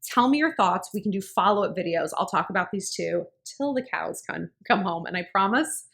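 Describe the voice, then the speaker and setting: A woman's voice: mid-range voice, moderate pace, vocal fry. Blunt, candid woman vlogger. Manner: candid, blunt, profane, animated. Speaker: relationship advice vlogger. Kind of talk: casual talk to camera.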